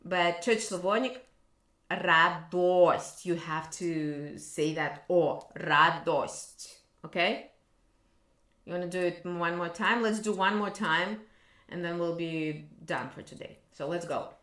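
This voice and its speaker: A woman teaching an online language lesson, slowly and patiently reading words aloud for learners. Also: on the low side, roomy sound.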